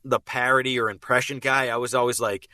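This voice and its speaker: A man with a Boston accent, a guest on the show, chatting in an animated, rambling way with lots of restarts and quick laughs. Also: mid-range voice, no echo. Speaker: guest, voice impressionist. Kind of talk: casual chat.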